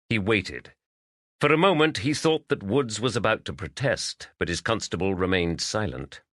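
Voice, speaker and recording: A man narrating a mystery audiobook in a measured, expressive reading. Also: on the low side, no echo, clean studio sound.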